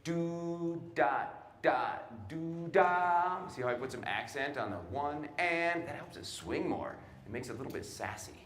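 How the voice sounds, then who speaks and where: A man coaching a student jazz band in a large concert hall, giving brisk instructions and scatting the rhythms he wants. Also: medium pitch, big pitch swings, fairly bright tone, slight background noise. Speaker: jazz clinician. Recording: roomy hall with band behind.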